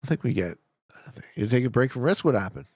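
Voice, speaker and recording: A man's voice: medium pitch, fast, no room sound, clean studio sound. A man from Canada streaming a game live, chatting casually and profanely with his viewers and getting worked up over his guesses. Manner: profane, excitable, joking banter with chat. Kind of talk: casual live-stream commentary while playing.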